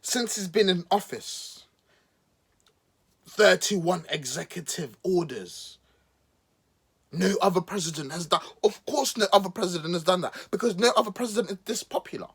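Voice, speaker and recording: A husky man delivers a mocking, sarcastic podcast monologue. His lively voice swings up and down as he teases and exaggerates. It sits a little high for a man. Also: normal speed. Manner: mocking, animated, playful voices for emphasis. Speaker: podcast host. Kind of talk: sarcastic political commentary monologue.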